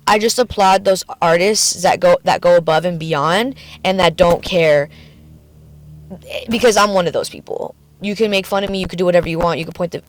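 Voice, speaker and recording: A woman talks frankly into her phone in a personal vlog, her speech emotional and peppered with swearing. Her voice sits a little low for a woman. The sound is dry and close, with no room around it. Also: no room sound. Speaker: vlogger. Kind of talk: candid personal vlog rant. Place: in a car at the beach.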